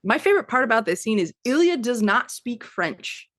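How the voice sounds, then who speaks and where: A woman's voice: a little high, very animated, normal speed, fairly bright tone. A woman co-hosting a podcast, chatting casually and enthusiastically with lots of filler words. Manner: gushing and enthusiastic, many "like" fillers. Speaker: podcast co-host discussing a TV adaptation. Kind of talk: casual chat.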